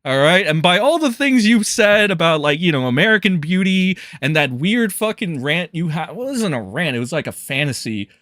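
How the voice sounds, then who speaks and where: A man's voice: on the high side, very animated, moderate pace, hardly any pauses, a bit bright, dry recording, studio quality. A man doing profane live-stream commentary, mocking and crude, swearing and laughing often.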